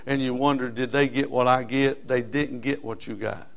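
A middle-aged man preaching a sermon. He calls out to his congregation for amens and swings between loud and soft delivery. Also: mid-range voice, fairly even intonation, normal speed, vocal fry, dull audio.

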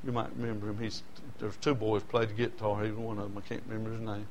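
A man's voice: on the low side, level tone, fast. A man preaching a sermon, telling personal stories in a folksy way and building to emotional peaks.

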